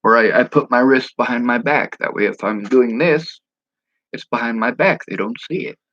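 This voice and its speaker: Man, casual vlogger, frank and profane, mid pitch, dull dead-sounding recording. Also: moderate pace, fairly bright tone, no echo. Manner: mimics speech impediments. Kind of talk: casual direct-to-camera vlog.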